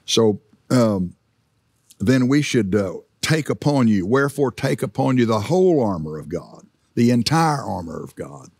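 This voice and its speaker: A man's voice: mid-range voice, big pitch swings, measured pace, gravelly, darkish tone, husky, no echo, studio quality. A middle-aged male pastor giving a sermon in a church, in a conversational preaching style with frequent fillers and restarts.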